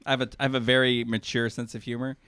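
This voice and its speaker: A man's voice: medium pitch, little pitch movement, fast talker, pushed and bright, clear, resonant tone, no room sound, clean studio sound. A man co-hosting a podcast, chatting casually and playfully, rambling and giggling as he talks. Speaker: podcast co-host. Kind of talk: casual chat about TV shows.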